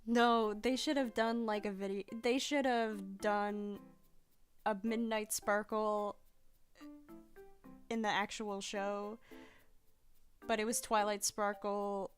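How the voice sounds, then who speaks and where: A woman's voice: mid-range voice, little pitch movement, slow, pauses often, faint music behind. A young adult woman streaming casually as she draws. She rambles, restarts and rephrases herself, laughs often and swears casually. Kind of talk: casual chat while drawing.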